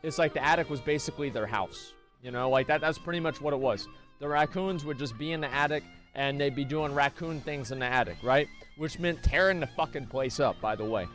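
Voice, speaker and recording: A man's voice: a little high, fairly quick, fairly bright tone, faint music behind. Rambling, profane American man. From United States. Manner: rambling, profane, many fillers. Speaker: streamer. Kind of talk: casual storytelling.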